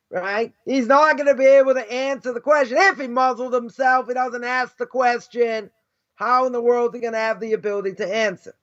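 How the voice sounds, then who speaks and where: A man, a rabbi, giving an informal talk on Jewish ethics, often asking "right?" and acting out the voices in his stories. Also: very high voice. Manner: animated, repeats "right?" often, acts out quoted voices. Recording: dull lo-fi sound.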